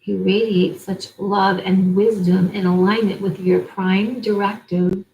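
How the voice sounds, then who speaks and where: A woman's voice: lowish voice, a little mellow, highs cut off. A woman giving an oracle card reading in a rambling way, stringing words together in long lists. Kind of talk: spiritual card-reading monologue.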